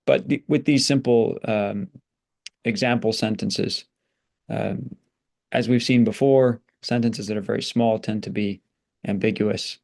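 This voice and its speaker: A man's voice: lowish voice, steady tone, vocal fry, a little mellow. Man patiently explaining Latin sentences. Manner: patient, explanatory, sounds out syllables slowly. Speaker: Latin teacher. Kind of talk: explanatory lesson.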